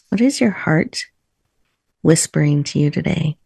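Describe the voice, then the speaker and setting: Woman leading a breathing meditation on a video call, gentle, a little gravelly. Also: deep voice, expressive, no room sound, clean studio sound. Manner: soft, slow, soothing guidance. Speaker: host. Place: virtual room, video call.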